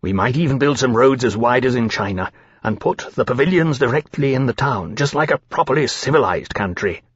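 A big, earnest dragon, voiced by a man reading an audiobook, frank and quick to indignation, in a husky voice. The recording is dry and slightly dull. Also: medium pitch, animated, no echo. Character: large male dragon, earnest and easily indignant.

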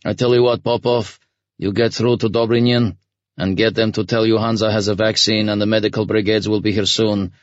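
A man voicing a blunt, hardened middle-aged military commander who speaks flatly and a notch louder than the narration. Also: on the low side, no room sound, dull audio, lightly acted. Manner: flat, matter-of-fact, raised.

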